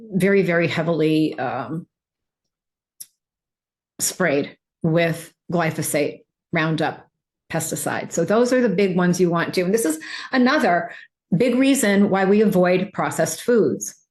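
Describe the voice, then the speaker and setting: A woman's voice: lowish voice, lively intonation, slow pace, a little mellow. A woman nutrition coach, talking casually over slides, rambling with many fillers and restarts.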